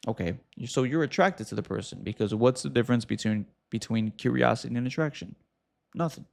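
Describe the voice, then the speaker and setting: Man, mid-pitch and gravelly, casual advice-talk host, animated delivery. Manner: animated, talks straight to viewer with quick asides.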